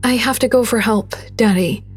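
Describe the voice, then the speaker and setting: A woman's voice: fairly high pitch, moderate pace, breathy edge, faint music behind. A woman voicing a frightened but brave young girl, urgent and pleading.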